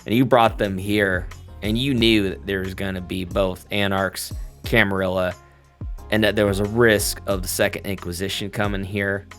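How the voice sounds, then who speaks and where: A man's voice: low voice, little pitch movement, moderate pace, fairly bright tone, faint music behind. A man voicing a smug, menacing male vampire prince who drawls folksy, mock-friendly threats. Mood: scolding.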